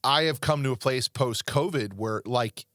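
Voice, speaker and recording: A middle-aged man hosts a relaxed podcast conversation, telling personal stories in a rambling, earnest manner. His voice sits at an average pitch and sounds dry and close to the mic. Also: moderate pace, no room sound. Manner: rambling, earnest storytelling with many restarts. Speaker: podcast host. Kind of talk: casual podcast chat.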